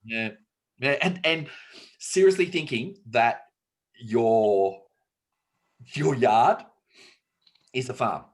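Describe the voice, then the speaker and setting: A man's voice: medium pitch, expressive, slow pace, pauses often. A middle-aged Australian man, a podcast host, chatting casually and telling tall, jokey stories with the odd swear word. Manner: joking storyteller, swears casually. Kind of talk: casual chat.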